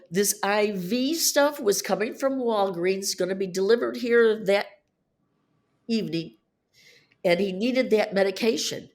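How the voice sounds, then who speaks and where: A woman in her fifties telling the story of her divorce on a podcast, animated, her voice climbing high when she is upset. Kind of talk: emotional personal storytelling.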